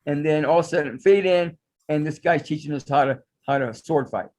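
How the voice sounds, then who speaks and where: Rambling man with a higher voice. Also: a little fast, darkish tone. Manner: rambling, meandering storytelling. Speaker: guest, psychic astrologer. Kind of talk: casual interview storytelling.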